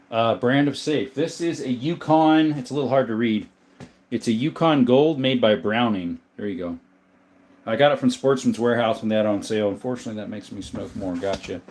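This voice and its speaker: This livestream host, a thirty-something man from southern Arizona who collects guns, greets viewers by name, reads their comments and displays his collection in relaxed chat. His voice is lowish and darkish in tone.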